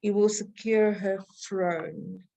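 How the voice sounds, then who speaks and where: A woman's voice: mid-range voice, level tone, slow pace, creaky, warm tone. A middle-aged woman teaching a recorded lesson for Christian women, chatty and often laughing, asking rhetorical questions and checking in with her listeners.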